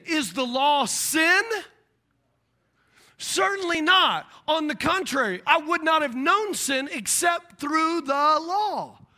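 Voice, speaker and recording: High, lively, bright-voiced male preacher. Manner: animated preaching with acted-out voices. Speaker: pastor. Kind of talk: sermon.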